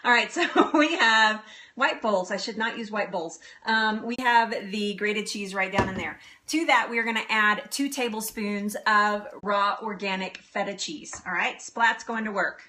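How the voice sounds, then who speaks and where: A woman's voice: mid-range voice, unhurried, bright, forceful tone, slight background noise. A woman in her thirties hosting a live cooking stream from her home kitchen, chatting with viewers and laughing often. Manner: chatty, giggly, answers viewer comments. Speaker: cooking show host.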